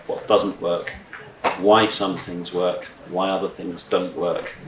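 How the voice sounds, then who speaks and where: Farmer giving a conference talk, very deep voice, measured and deliberate, echoey hall, distant mic. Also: male voice. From Scotland. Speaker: farmer speaker. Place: conference room.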